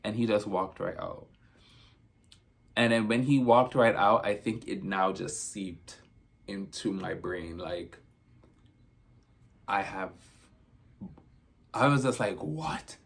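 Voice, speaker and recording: A man's voice: lowish voice, slow pace, vocal fry, pauses often. A man vlogging a casual storytime, rambling through his retelling and leaning on constant "I'm like" to report what was said.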